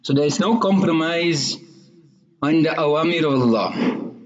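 A man preaching earnestly in a fairly high voice, weaving a story into his moral lesson. The recording sounds dull and lo-fi, as if the highs were cut off. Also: measured pace. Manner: earnest, moralizing, sprinkles in Arabic religious terms. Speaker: Islamic preacher. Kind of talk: sermon with storytelling.

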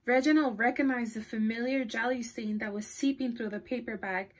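Her voice a touch high and steady in tone, this woman is a children's librarian reading a picture book aloud at storytime. Chatty throughout, she pauses to put questions to the kids and laughs as she goes.

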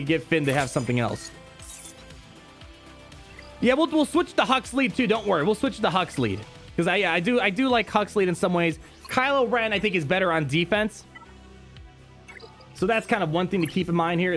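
Animated man streaming gameplay. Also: high voice, soft background music. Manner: excitable, talks to chat, quick mood swings. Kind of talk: live gameplay commentary.

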